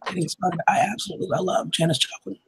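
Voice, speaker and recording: A woman with a Southern US accent, hoarse and losing her voice, chatting on a home livestream in a strained, half-whispered way. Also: fairly low pitch, fairly even intonation, fast. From Tennessee. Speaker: livestream co-host. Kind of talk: casual chat.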